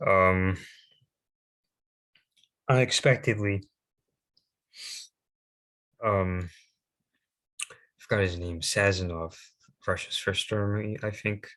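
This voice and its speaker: Young guy with a real low voice stumbling through his slides, lots of ums and restarts. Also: fairly even intonation, fairly bright tone. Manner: halting, many fillers and restarts. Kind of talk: unscripted history presentation with slides.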